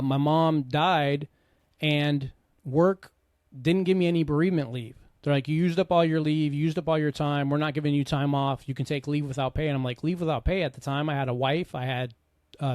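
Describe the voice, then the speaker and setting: A middle-aged man with a fairly high voice shares his life story in an earnest, conversational way, dropping in frequent asides. He speaks as a podcast host and coach. The sound is dry and close, with no room around it. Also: darkish tone, no echo. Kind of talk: candid personal storytelling.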